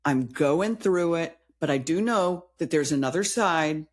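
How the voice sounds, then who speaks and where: A woman with a lower-than-usual voice talks in an earnest, measured way. She sounds reassuring and steady as she reflects in casual conversation. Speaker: podcast co-host.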